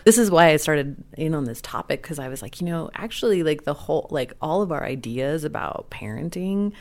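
A woman's voice: deep voice, animated, brisk, a little mellow, no room sound. A woman in her thirties hosting a podcast, chatting casually and peppering her speech with "like". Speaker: podcast host. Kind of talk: casual conversational interview and outro.

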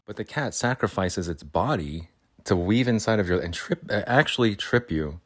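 Low-voiced rambling male podcast host. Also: lively intonation, moderate pace. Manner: rambling, jokey asides, voices his cats' imagined plotting. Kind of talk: casual solo podcast monologue. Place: makeshift break room at home, fridge and cats nearby.

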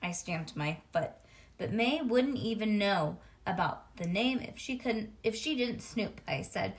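Expressive woman reading a children's book. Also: mid-range voice, unhurried. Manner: expressive, sing-song reading. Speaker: reader. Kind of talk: storybook read-aloud to a child.

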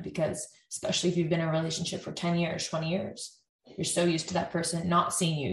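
A woman speaks as a couples therapist, explaining how therapy works and breaking into quick acted-out lines of what partners say. Her voice sits a little low. The recording has a roomy echo around her. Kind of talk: explanatory talk.

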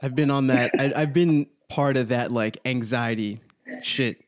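A man hosting a casual podcast interview, reacting in a relaxed, easygoing way and asking questions. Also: medium pitch, unhurried. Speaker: podcast host.

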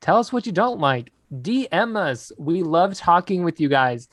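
A man's voice: high-pitched, sing-song, normal speed, fairly bright tone, dry recording, clean studio sound. A man hosting a podcast in casual, upbeat chat, rambling and laughing often. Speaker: podcast host.

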